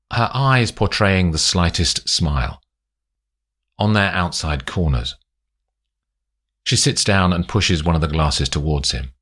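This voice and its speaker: A man narrating a spy story aloud in a slow, expressive way. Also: deep voice. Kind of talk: audiobook narration.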